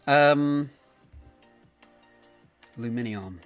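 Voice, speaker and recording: A man's voice: mid-range voice, very slow, clean tone, soft background music. A young man chatting casually on a live stream, rambling and correcting himself as he answers viewers by name.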